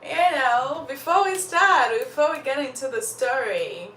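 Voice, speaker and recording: A high, sing-song, sharp-toned voice belongs to a young Ugandan livestream host who chats unhurriedly with her viewers, laughing a lot and coughing a little as she's slightly under the weather. The mic is distant, picking up roomy off-mic sound and faint background noise.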